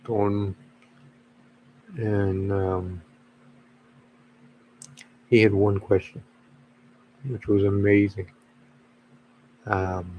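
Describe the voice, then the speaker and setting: A father talking casually to camera, halting and slow, with many fillers and pauses. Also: lowish voice, a little hiss or hum. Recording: dull lo-fi recording.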